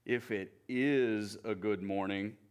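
A man's voice: on the low side, steady tone, clean tone, pitched below the performer's own voice. A man doing a gloomy old donkey. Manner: slow, mournful, self-pitying drawl.

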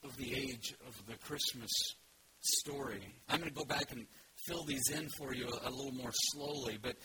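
A man's voice: mid-range voice, moderate pace. A male pastor preaching a sermon in a conversational way, with frequent restarts and asides. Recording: loud background noise.

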